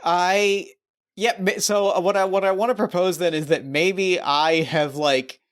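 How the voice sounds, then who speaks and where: A man's voice: sits high, steady tone, unhurried, clean tone. A man improvising a tabletop role-play story in casual chat, thinking aloud as he proposes scenes.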